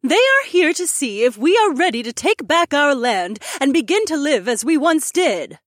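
A man voicing a female village chief who speaks in a steady, ceremonial way. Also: very high voice, normal speed, dry recording, clean studio sound, pitched above the performer's own voice, exaggerated voice. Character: commanding female village chief, calm leader.

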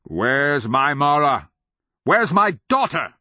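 A man's voice: fairly high pitch, big pitch swings, slow pace, dry recording, voice pushed up. A man voicing a desperate old wizard and father in an audiobook, with a strained, pleading voice. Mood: frantic. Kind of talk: audiobook character voice. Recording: slightly muffled dry recording.

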